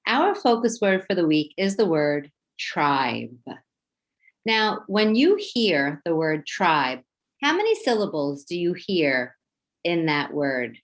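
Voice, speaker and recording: Slow, lively-voiced woman teaching phonics. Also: low-pitched. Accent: New York. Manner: slow, clear and encouraging, sounding words out. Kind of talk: children's phonics lesson.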